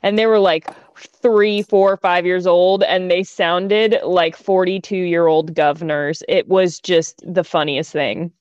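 A young woman co-hosting a casual podcast chat, telling stories in an animated, chatty way. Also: on the low side, slow, smooth, no echo, dull audio. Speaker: podcast co-host.

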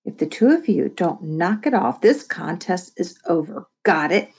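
A woman's voice: on the low side, expressive, normal speed, vocal fry, a little mellow, breathy edge, exaggerated voice. A woman voicing a tired, stern mother scolding her squabbling kids in a storybook reading.

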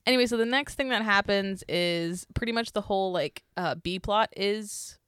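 A woman's voice: mid-range voice, moderate pace, a bit bright, smooth, no room sound. Young female co-host, chatty and giggly, dry close-mic sound. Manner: chatty, laughs often, trails off mid-sentence. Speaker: podcast co-host. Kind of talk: casual book chat.

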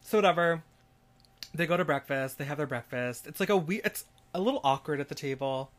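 A man's voice: fairly high pitch, brisk. Chatty man co-hosting a podcast. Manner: chatty, drives the episode recap. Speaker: podcast co-host. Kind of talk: casual podcast chat.

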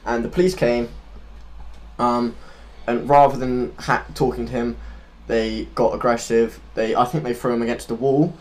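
Male co-host, mid-pitched, earnest, loose unscripted storyteller. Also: steady tone, moderate pace. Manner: earnest, loose and rambling, searching for words. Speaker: podcast co-host.

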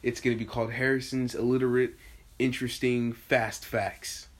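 A man's voice: mid-range voice, flat delivery, moderate pace, slight background noise. A man hosting a casual podcast chat, goofy and rambling, stumbling over his words. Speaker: podcast host.

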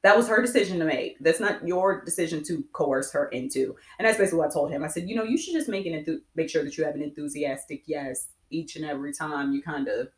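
A woman co-hosting a casual chat, frank and animated, laughing often. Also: deep voice, quick pace, few pauses, reverberant.

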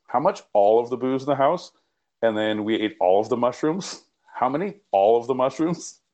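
Man, podcast co-host, casual chat, rambling profane stories, medium pitch. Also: animated, normal speed, warm tone, highs cut off. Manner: rambling, profane anecdotal storytelling.

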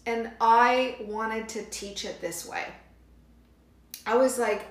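A woman hosting a podcast, telling a personal story in a casual, animated way and quoting others as she goes. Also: a little high, slow pace, echoey room. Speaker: podcast host, yin yoga teacher.

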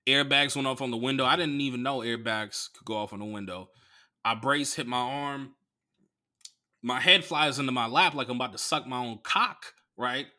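A man hosting a comedy podcast, telling a profane story as a monologue, swinging from mumbled asides to loud outbursts. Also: medium pitch, moderate pace. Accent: Bay Area.

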